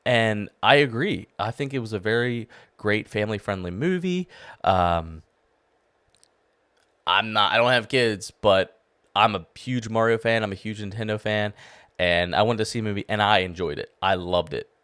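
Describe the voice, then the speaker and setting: A man's voice: fairly low pitch, moderate pace, a bit bright, dry recording, studio quality. A young adult man hosting his own podcast, giving an enthusiastic, rambling movie review full of fillers and restarts. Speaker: podcast host. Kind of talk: casual solo podcast review.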